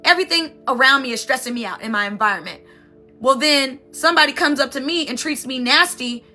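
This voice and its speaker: Bright, emphatic woman coach over soft music. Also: high voice, expressive, brisk. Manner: emphatic, repetitive, conversational with frequent "right?". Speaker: NLP coach and sound healer. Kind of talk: motivational talk to viewers.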